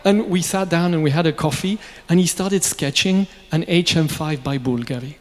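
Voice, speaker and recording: A man with a somewhat high voice tells lively stories, joking and tossing in asides. It is a press conference, and his voice rings out in a large reverberant space. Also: moderate pace. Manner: lively, jokey, with asides and laughs. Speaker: watch brand founder speaking at a press conference. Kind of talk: anecdotal storytelling. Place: event venue.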